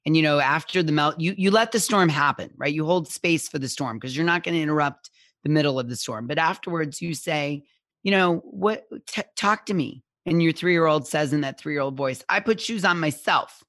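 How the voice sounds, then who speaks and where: A woman guest speaking as a parenting expert in a conversational interview, animated and acting out little quotes, often checking in with "right?". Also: low voice, a little fast, no echo, clean studio sound. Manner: animated, acts out parent and child quotes, keeps asking "right?".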